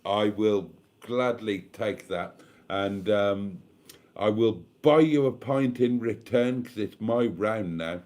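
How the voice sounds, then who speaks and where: A man hosting a late-night live stream, tired and a little tipsy, talking slowly and emotionally as he thanks his viewers. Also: lowish voice, a little mellow.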